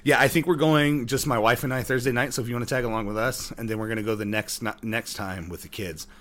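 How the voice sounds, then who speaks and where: A man in his thirties co-hosting a podcast, chatting casually and telling long, animated stories with many restarts. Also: medium pitch, quick pace. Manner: rambling, animated storytelling with frequent restarts. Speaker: podcast co-host. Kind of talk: casual chat.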